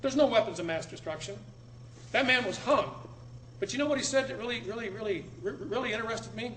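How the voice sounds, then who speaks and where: There's a little hiss or hum as a male speaker gives a fairly quick, emphatic talk before a live audience in a room. He repeats words and alternates between loud and quiet passages.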